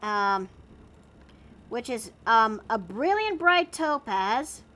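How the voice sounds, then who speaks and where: A woman's voice: on the high side, big pitch swings, takes it slowly, fairly bright tone. A woman chatting casually while drawing on her art stream, narrating her steps in a playful way.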